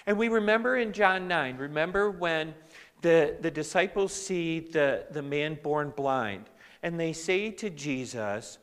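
Animated preacher in a reverberant hall. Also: male voice, fairly high pitch, a little slow, clean tone. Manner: animated preaching, with asides to the congregation. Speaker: pastor. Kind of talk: sermon.

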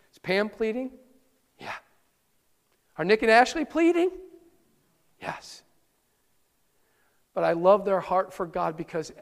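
A male pastor preaching a sermon live, earnest and animated, often restarting his words. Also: high voice, vocal fry, in a large hall. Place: church sanctuary, live-streamed service.

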